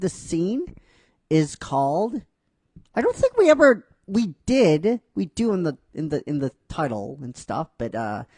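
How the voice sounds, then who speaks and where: A man's voice: fairly high pitch, no echo. A man casually narrating a fan-written story, chatty and rambling with many fillers.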